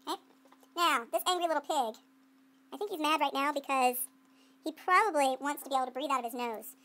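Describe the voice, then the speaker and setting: A woman's voice: sits high, a little fast, bright, forceful tone. A woman art teacher talking through a clay demonstration in a playful, chatty way, thinking aloud as she works and quizzing students. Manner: playful, talks to herself while working; call-and-response with students. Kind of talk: classroom demonstration.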